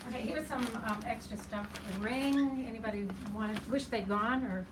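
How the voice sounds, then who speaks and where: A woman makes chatty, halting remarks to a cafe audience in a high voice. She is heard from a distance in a roomy space, with faint ambience behind her. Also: background noise. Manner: chatty and halting, with many fillers. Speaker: open mic participant. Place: cafe open mic.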